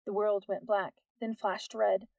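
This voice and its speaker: A woman reading a novel aloud as the narrator, telling it at a steady storytelling pace. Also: mid-range voice, unhurried, gravelly, no echo.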